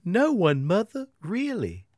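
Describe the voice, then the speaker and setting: A co-host voicing a spoiled, haughty young princess with snooty, drawn-out lines in a comic fairy tale. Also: medium pitch, wildly swooping pitch, darkish tone, no echo, clean studio sound. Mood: coy. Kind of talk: comic storytelling with voices.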